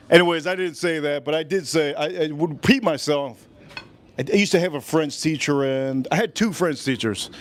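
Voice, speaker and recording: An American man in his forties hosts a cooking livestream, chatting loosely with his audience as he cooks, at normal speed and in a voice pitched a little above most men's. He rambles, circles back, and repeats the same phrases while searching for his next words.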